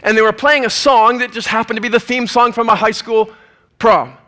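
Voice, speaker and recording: A male preacher telling a story in a sermon, lively and acting out the scenes. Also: extremely high pitch, brisk.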